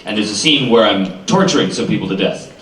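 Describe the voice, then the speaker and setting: Jokey man with a low voice. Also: lively intonation, fast, a bit bright. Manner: jokey, self-deprecating storyteller. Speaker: voice actor, panel guest. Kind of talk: anecdotal panel chat. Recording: roomy convention hall, mic at a distance.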